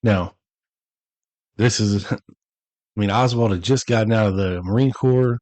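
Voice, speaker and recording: Brief: male podcast host, lowish voice, dry close sound, reads a document then riffs casually on it. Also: no room sound, low-quality recording. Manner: relaxed, chatty asides, drawn-out emphasis. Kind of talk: reading a statement aloud with casual commentary.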